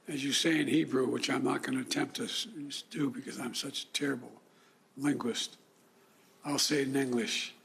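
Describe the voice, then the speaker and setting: An older man from the United States giving a formal, solemn speech, often clearing his throat. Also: medium pitch, flat delivery, fairly bright tone. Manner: measured, solemn delivery with frequent throat clearing. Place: indoor room.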